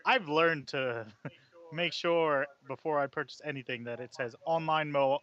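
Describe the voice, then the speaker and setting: Man, casual podcast co-host, teasing, rambling, bright voice, dull lo-fi sound. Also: fairly high pitch, unhurried. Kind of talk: casual chat. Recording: dull lo-fi microphone.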